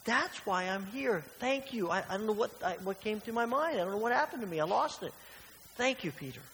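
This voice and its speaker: A man's voice: animated, a little fast, fairly bright tone. A man voicing a boastful male messiah figure who brags about his power, in a mocking, grandiose way. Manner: mocking, grandiose, high-pitched and emphatic. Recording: reverberant church hall with faint hiss.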